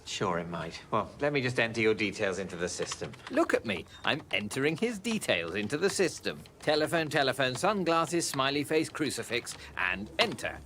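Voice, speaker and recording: An English actor playing a sardonic, anxious male bank loan manager who swings between biting sarcasm and hushed, squeaky panic. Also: very animated, normal speed, hardly any pauses, a little hiss or hum. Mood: sarcastic. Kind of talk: sitcom acting.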